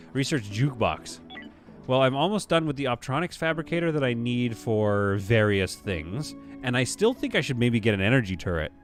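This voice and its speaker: A man hosting a casual live stream, chatting as he plays and reading viewers' messages aloud. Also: on the low side. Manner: chatty, muses aloud, reads chat. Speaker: streamer host.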